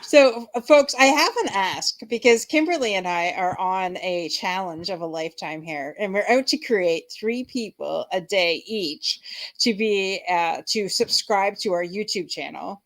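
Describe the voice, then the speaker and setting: A woman hosts a live-streamed chat show, talking at an ordinary middle pitch for a woman. She is bubbly and giggly, and her speech rambles with fillers and restarts. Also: animated, measured pace. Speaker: host.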